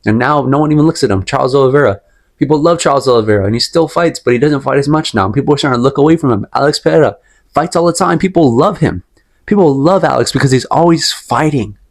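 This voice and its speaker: Young male vlogger, casual rant, emphatic and repetitive, mid-pitched voice, talks his opinions through at length. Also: quick pace, gravelly. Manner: rambling, emphatic, repeats himself, sips tea while talking. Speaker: MMA commentary vlogger.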